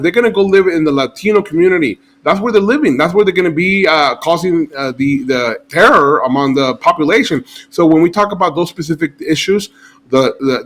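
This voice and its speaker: A man who is a political analyst, speaking as a guest in an interview, persuasive and campaign-like. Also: on the high side.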